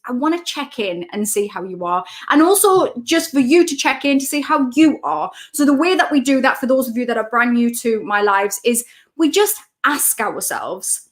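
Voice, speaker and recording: A woman, a coach hosting a casual live stream from home, chatting as she greets viewers by name and reads out their comments. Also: on the high side.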